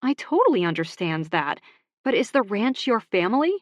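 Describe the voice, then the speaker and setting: A woman's voice: mid-range voice, big pitch swings, normal speed, dry recording, voice pushed up. A woman narrator voicing an earnest young woman who runs a shop, speaking in a raised, pleading tone.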